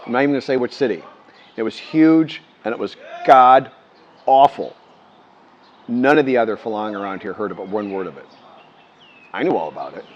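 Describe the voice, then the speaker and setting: An older man from the United States talking casually to camera, rambling with many restarts and lively quoted voices. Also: lowish voice, fairly quick, pauses often, slight background noise. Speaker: vlogger. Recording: muffled lo-fi sound.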